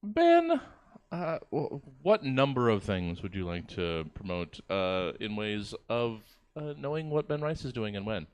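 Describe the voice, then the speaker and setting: Slow, rambling comedy show host. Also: male voice, mid-range voice, wildly swooping pitch, a little mellow. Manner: rambling, hesitant, drifting.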